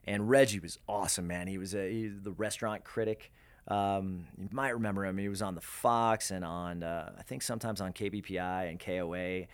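Low-voiced radio man rambling through a story. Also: fairly even intonation, brisk, clear, resonant tone. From Denver, USA. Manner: rambling, lots of fillers and laughs. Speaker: radio DJ and program director, guest. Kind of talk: casual interview storytelling.

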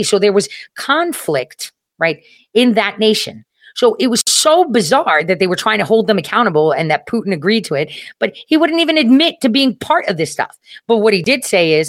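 Ein Moderator mit einer durchschnittlich hohen Stimme plaudert locker und weitschweifig in einem trockenen, hallfreien Raum. Er füllt Pausen mit vielen Füllwörtern, flucht gelegentlich und lacht immer wieder kurz auf. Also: medium pitch, very animated, a bit bright, dry recording, studio quality. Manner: rambling, with filler words, profanity and chuckles. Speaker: commentary show host. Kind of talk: casual political commentary monologue.

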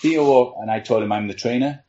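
A man who trains a team swaps casual anecdotes on a podcast panel, rambling, laughing a lot and dropping "you know" frequently. His mid-range voice is warm and a little fast, and the audio sounds dull.

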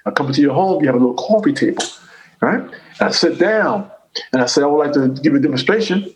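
A man with a slightly high voice tells a rambling comic story in loose conversation. He is animated and profane, and he loops back over his own phrases as he builds each bit. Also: fast talker, low-quality recording. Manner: animated, profane, repeats himself. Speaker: comedian guest. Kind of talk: casual storytelling chat.

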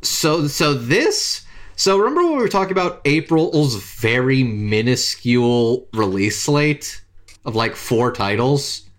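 A man co-hosting a casual podcast chat, animated and swearing freely, his voice jumping high when excited. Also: unhurried. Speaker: podcast co-host.

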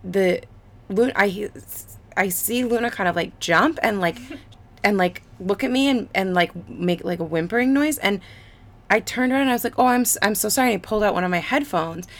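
A woman's voice: mid-range voice, normal speed. A woman telling a story in a loose, rambling way, full of fillers. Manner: rambling, filler-heavy, laughs along. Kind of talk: casual storytelling chat.

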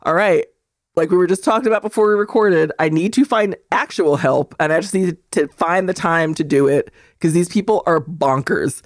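A woman's voice: lowish voice, moderate pace, no echo, clean studio sound. A woman co-hosting a podcast, telling profane, exasperated stories with bursts of laughter. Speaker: podcast co-host. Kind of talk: casual chat.

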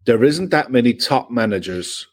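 A man on a casual football chat, explaining his points in a measured, steady way. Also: mid-range voice. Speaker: pundit.

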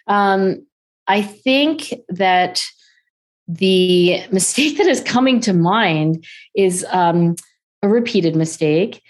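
A middle-aged woman talking as a podcast guest in a casual, animated way, with frequent laughs and fillers. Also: mid-range voice, slow pace. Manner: animated, chatty, laughs often, lots of fillers. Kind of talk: casual interview conversation.

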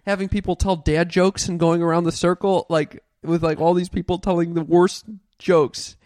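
A podcast co-host telling a story in casual chat, animated and full of restarts and "like". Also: mid-range voice, normal speed, no room sound, studio quality.

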